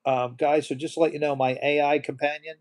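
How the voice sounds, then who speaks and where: A middle-aged man hosting a casual live stream, talking softly and emotionally while reading viewer comments aloud. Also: a little high, little pitch movement, fairly quick.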